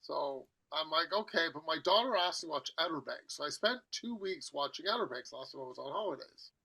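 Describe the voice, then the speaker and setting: A man's voice: on the high side, animated, brisk, vocal fry, bright, forceful tone, breathy edge, low-quality recording. A middle-aged man hosting a podcast in casual chat, rambling and chatty as he jumps from one topic to the next. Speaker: podcast host.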